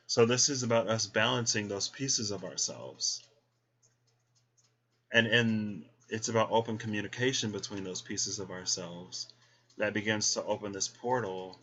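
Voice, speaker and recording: A man's voice: on the low side, a bit bright, muffled recording. Folksy man reading tarot. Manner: chatty, folksy, talks to viewers as y'all. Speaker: tarot reader. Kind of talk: casual tarot reading vlog.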